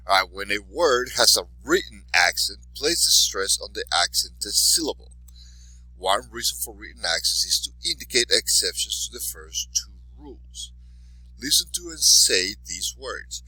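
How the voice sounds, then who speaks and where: Husky, bright-voiced male teacher. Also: on the low side, no room sound, poor audio. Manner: patient, repetitive, says each example word twice. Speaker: Spanish teacher. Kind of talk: recorded classroom lesson.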